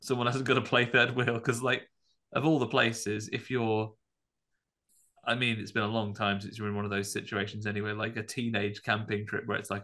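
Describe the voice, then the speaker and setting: A man's voice: fairly low pitch, little pitch movement, moderate pace, bright, forceful tone. A man co-hosting a podcast, chatting casually and rambling through a film review with jokes. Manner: rambling, jokey, puts on voices in retellings. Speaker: podcast co-host.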